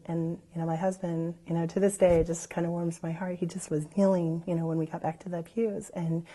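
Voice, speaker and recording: A woman with a low, mellow voice recounts her personal story in a loose, unscripted way. She rambles and fills her sentences with "you know." She brightens when she repeats what other people said. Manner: lively when recalling others' words. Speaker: church member sharing her story.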